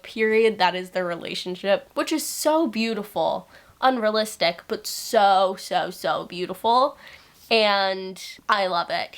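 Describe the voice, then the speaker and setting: A young woman chats casually to camera about her reading, her voice sitting at an ordinary middle pitch. She gushes with quick bursts of excitement and keeps the tone loose and friendly. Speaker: book vlogger. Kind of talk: casual reading vlog chat.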